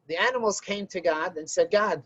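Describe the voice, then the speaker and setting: A man gives a religious lesson as a rabbi, telling stories in a loose conversational way. His pitch swings widely and his voice has a gravelly edge. The recording is dry and somewhat dull. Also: normal speed, dry recording. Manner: conversational, animated storytelling.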